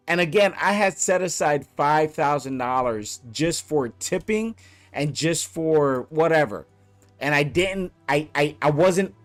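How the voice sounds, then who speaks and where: A fed-up man vents about a bad hotel stay, blunt and profane, hammering his points by saying them twice. His voice sits a little higher than most men's. Music plays faintly under him. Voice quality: blunt, profane, repeats himself for emphasis. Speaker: vlogger. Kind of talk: angry ranting story.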